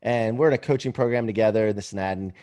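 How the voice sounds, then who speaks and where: A man's voice: fairly low pitch, quick pace, warm tone. A man hosting a casual interview, joking and laughing along with his guest. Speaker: podcast host.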